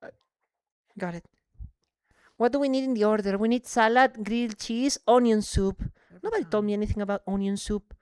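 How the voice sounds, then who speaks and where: A woman streaming live, chatting casually and excitably with viewers while playing, slipping between English and Spanish. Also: medium pitch, brisk, smooth, no room sound, studio quality.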